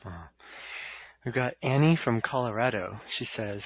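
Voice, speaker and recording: A man's voice: mid-range voice, normal speed, long pauses, dry recording. Laid-back man reading listener questions. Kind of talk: casual chat. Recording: tinny phone-like line, dry.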